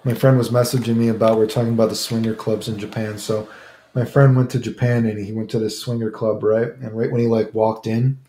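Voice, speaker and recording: In an echoey room with slight background noise, a man with a lowish, mellow voice talks fairly quickly and with little pitch movement. He rambles casually on a stream, answers viewers, and keeps saying "right?"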